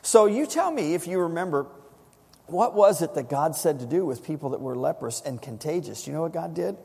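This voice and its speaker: A man preaching a sermon, building to dramatic shouts when he quotes scripture. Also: on the high side, animated, fairly quick, gravelly, husky. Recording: long reverb of a church hall.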